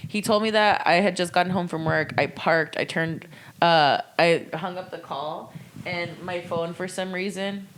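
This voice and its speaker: A woman's voice: lowish voice, normal speed, a little hiss or hum. A woman co-hosting a podcast, telling stories in casual chat with loose swearing. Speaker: podcast co-host.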